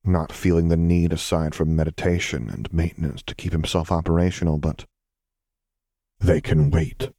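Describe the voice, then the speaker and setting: A man calmly narrating a fan fiction audiobook. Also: low voice, fairly quick, vocal fry, hardly any pauses, no echo, clean studio sound. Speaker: audiobook reader.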